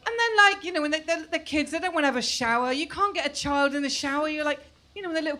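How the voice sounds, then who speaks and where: Bright, high-voiced woman doing stand-up. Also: very fast, few pauses, a little hiss or hum. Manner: chatty, self-mocking, mimics her kids in shrill voices. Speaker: stand-up comedian. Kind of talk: stand-up comedy set. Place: comedy club stage before a live audience.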